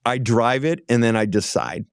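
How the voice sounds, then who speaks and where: An interview guest tells lively stories in a mid-range male voice. He slips into other people's voices as he goes. The recording is dry and close. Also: mid-range voice, normal speed, smooth, dry recording. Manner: lively anecdote-teller who acts out other voices. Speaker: guest, auto executive. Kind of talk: casual interview storytelling.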